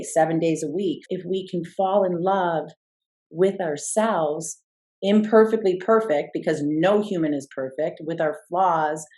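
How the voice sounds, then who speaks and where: Low-voiced woman telling a reflective story. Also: dark tone. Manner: reflective, slows down to stress key words. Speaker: guest, former swimmer and mindset coach. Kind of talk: storytelling in a podcast interview.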